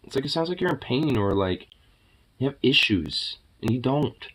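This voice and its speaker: A man with a medium-pitched, somewhat bright voice and lively intonation talks at a normal speed to his cats at home, with slight background noise. He teases them playfully with mock insults and swearing, then switches to cooing baby talk.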